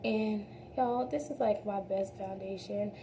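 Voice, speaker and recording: A woman's voice: mid-range voice, fairly even intonation, measured pace, dark tone, a little hiss or hum. A young woman chatting casually while doing her makeup, talking straight to her viewers as y'all and trailing off into restarts. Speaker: beauty vlogger. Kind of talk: casual makeup tutorial chat.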